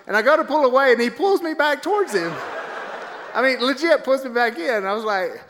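A middle-aged man with a high, bright voice tells a story in a casual, animated way, jumping in and out of other people's voices. His talk rings out with a long echo, as in a large hall. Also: brisk. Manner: animated, acts out quoted voices. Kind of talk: casual anecdote, told to a laughing audience.

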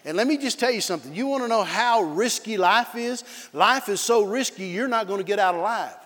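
A man with a high voice delivers a sermon from the pulpit. He tells stories in an animated way and breaks into barking imitations. The sound carries the long reverb of a large church hall. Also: a little fast. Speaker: pastor.

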